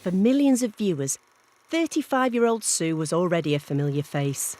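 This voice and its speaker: Lively woman narrating a documentary. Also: lowish voice, moderate pace, a little hiss or hum. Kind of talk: scripted narration.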